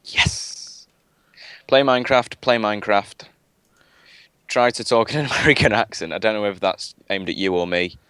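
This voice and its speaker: A man's voice: fairly low pitch, a little fast, fairly bright tone, clear, resonant tone, dry recording. A man chatting casually on a gaming live stream, rambling with lots of fillers and restarts. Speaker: guest gamer.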